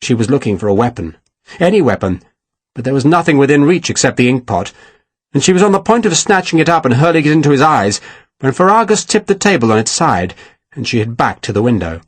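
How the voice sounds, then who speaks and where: A man narrating an audiobook with a dramatic, expressive reading. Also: mid-range voice, fast, slightly rough, dry recording. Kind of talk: scripted narration.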